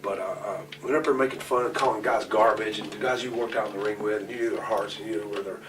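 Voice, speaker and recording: In his forties, this wrestler tells rambling, profane stories as an interview guest in a shoot-style conversation, speaking quickly in a lowish voice with fairly even intonation. The mic sits far away and the room is noisy.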